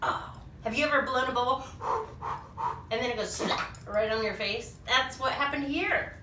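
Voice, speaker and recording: A woman reading a picture book aloud to young children, animated and full of sing-song questions, in a small echoey room. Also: on the high side, moderate pace, recorded from a distance, background noise. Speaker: children's storyteller.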